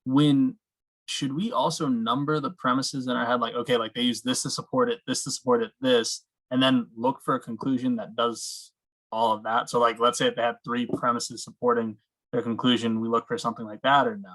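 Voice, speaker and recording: Male student, hesitant question, lots of fillers, mid pitch. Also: level tone, a little fast, fairly bright tone, rough recording.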